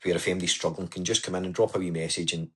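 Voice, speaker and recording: A man's voice: low voice, fairly even intonation, very fast, a bit bright, breathy edge. A man as a podcast guest, telling his story in an earnest, chatty way. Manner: earnest, storytelling, says "aye" and "wee" often. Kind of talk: casual interview chat.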